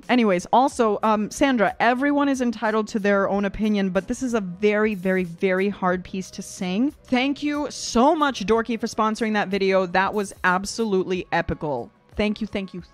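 Young adult woman, opera singer, casual reaction host: gushing, chatty teacher tone, faint music underneath. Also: medium pitch. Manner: excitable, gushing, with quick bursts of praise; explains singing technique in a chatty teaching tone.

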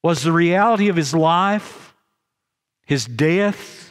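With an expressive, clear and resonant tone, this pastor's fairly high voice moves earnestly but haltingly through his sermon. He keeps restarting phrases and slows down on the lines that matter most, all inside a chapel's lingering echo.

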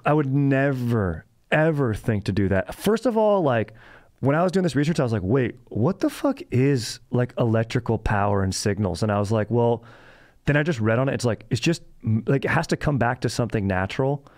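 A man's voice: medium pitch, lively intonation, quick pace, a little mellow, no room sound, studio quality. A young adult man hosting a comedy podcast, rambling casually with fillers and swearing. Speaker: podcast host.

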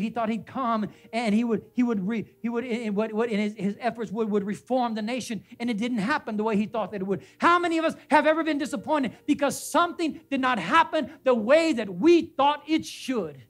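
A male pastor preaching a sermon in a church. He repeats names and phrases for emphasis and puts questions to the congregation. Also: high voice. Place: church sanctuary.

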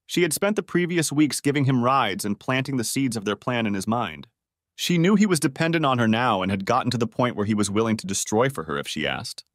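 Expressive male audiobook narrator. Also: medium pitch, no echo, studio quality. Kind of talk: scripted story narration.

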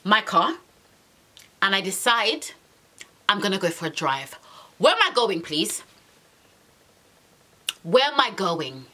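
A young woman telling a storytime to camera in an animated, exasperated way, repeating her phrases and using slang. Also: medium pitch, slow pace, long pauses. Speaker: vlogger. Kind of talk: storytime monologue.

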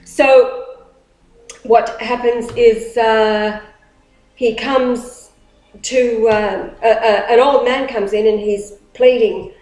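A woman telling a story in casual talk, animated and rambling, often restarting her sentences. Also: a little high, slow. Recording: roomy echo.

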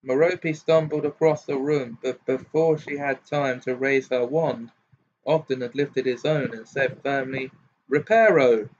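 A man reading a storybook aloud in an unhurried, steady narration, in a muffled home recording. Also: medium pitch, slight background noise. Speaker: audiobook reader.

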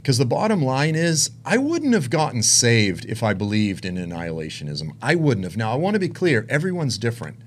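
A man preaching, telling a personal story with emotion, dropping to hushed tones and rising to intense ones. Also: medium pitch, big pitch swings, brisk, hardly any pauses, slight background noise. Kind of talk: sermon testimony.

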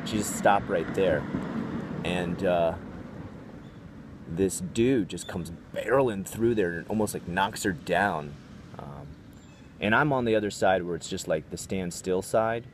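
A man's voice: low-pitched, a little hiss or hum. A man vlogger telling a story in a casual, profane, rambling way. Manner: profane, rambling, animated retelling.

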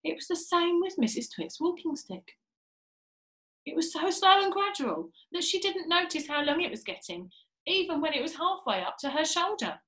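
A woman reads a children's story aloud with a lively voice, pitched a bit high, rising and falling a lot. She talks straight to young listeners, and her voice rings in an echoey room. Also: moderate pace. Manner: expressive, speaks to young listeners. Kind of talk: reading a children's book aloud.

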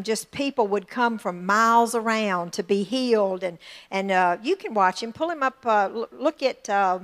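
A middle-aged woman pastor, preaching a lively sermon and calling for amens from the congregation. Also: fairly high pitch. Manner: excitable, lively preaching with call-and-response.

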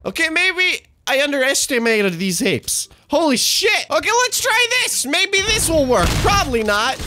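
A young man commentating gameplay, excitable, cursing freely and swinging between shouts and mutters. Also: very high voice, moderate pace. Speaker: gaming YouTuber.

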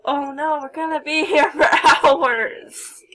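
A woman's voice: sits high, fairly even intonation, takes it slowly, sharp tone. A young woman giving casual let's play commentary, chatty and giggly, talking to her game characters. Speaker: gameplay commentator.

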